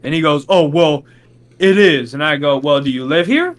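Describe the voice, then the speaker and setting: On a laid-back podcast, a young co-host recounts a long tale at an ordinary pace. Whenever he quotes someone, his voice jumps sharply up or down in an animated way.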